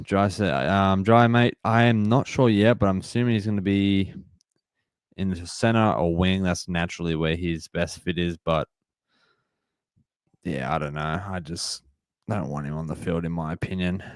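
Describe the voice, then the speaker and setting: A man's voice: deep voice, steady tone, moderate pace, smooth, no echo, studio quality. A young man hosting a live sports watch-along, frustrated at calls and reading chat messages aloud. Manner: frustrated, reacts to plays and reads chat aloud. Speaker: livestream host.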